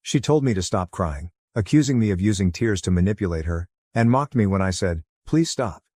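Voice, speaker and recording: A man narrating a first-person forum story in an even, measured way. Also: deep voice, no echo, clean studio sound.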